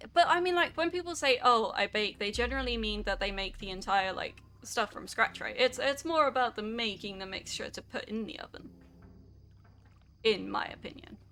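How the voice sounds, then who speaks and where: Young female streamer, rambling and chatty; bright voice with a gravelly texture. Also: fairly high pitch, moderate pace, soft background music. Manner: rambling, chatty, filler-heavy. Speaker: game streamer. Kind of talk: casual chat reading stream chat.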